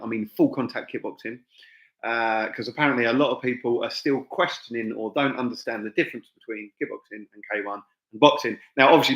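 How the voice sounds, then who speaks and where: A middle-aged English man, a fight promoter, chatting informally to viewers on a live stream, full of asides and fillers. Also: mid-range voice. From England. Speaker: fight promoter and gym owner. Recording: echoey dull room sound.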